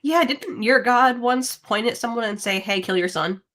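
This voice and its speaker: A woman's voice: on the high side, normal speed, fairly bright tone, voice pushed up, lightly acted. A woman playing a pagan adventurer in a tabletop game, joking a lot and stammering when she is pressed. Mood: flustered. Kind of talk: in-character tabletop role-play.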